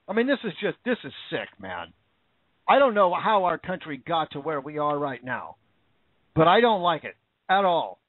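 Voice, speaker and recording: Indignant high-voiced American man ranting. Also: no echo. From United States. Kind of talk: opinion rant. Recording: dry, phone-like narrow audio.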